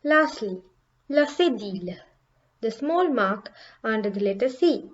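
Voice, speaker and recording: A woman's voice: a little high, expressive, unhurried, muffled recording. A woman teaching a beginner language lesson, saying each example word carefully and repeating it for learners to copy. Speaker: French teacher.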